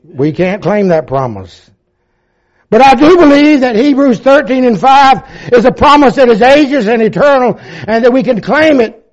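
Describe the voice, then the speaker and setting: A man of seventy-four preaching a sermon with fervor, swinging from loud emphasis to hushed reflection and quoting old-fashioned scripture. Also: very high voice, lively intonation, moderate pace. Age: 70s. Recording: dull lo-fi recording.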